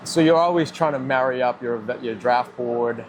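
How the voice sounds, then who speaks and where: A man with a Boston accent, a football general manager answering interview questions in a measured, businesslike way, with many "you know" fillers. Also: mid-range voice, slight background noise, low-quality recording. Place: live remote broadcast at a football event.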